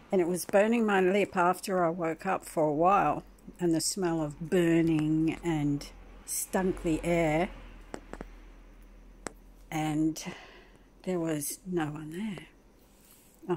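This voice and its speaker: Slow, low-voiced chatty woman. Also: a little hiss or hum. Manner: rambling, chatty, with frequent soft laughs. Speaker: vlogger. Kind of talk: casual home vlog, talking to her dog. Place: at home indoors.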